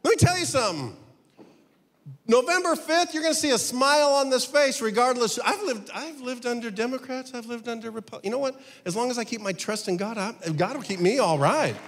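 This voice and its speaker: Fifties male pastor, high lively voice, rhetorical sermon style, long church reverb. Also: a little fast, a faint crowd. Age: 50s. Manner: rhetorical questions, emphatic preaching.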